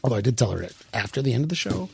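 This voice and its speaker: A man's voice: medium pitch, big pitch swings, rapid-fire, creaky, darkish tone, slight background noise. A man hosting a podcast, chatting casually, joking and swearing as he rambles and reads out names. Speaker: podcast host. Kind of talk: casual chat, reading listener names.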